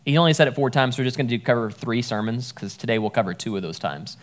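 Male pastor, thirties, relaxed sermon talk, self-mocking, mid-pitched voice. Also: quick pace. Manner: casual, self-deprecating, stumbling over words. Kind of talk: conversational sermon.

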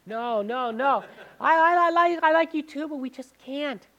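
Guy doing a nervous young woman, high and stammery, talks slow. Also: a bit bright, highs cut off. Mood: flustered. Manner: high, flustered, stammering refusals.

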